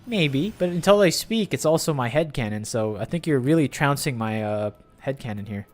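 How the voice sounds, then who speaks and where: A man's voice: mid-range voice, lively intonation, moderate pace, soft background music. A man streaming a game, chatting playfully and animatedly with friends. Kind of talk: casual chat while playing a game.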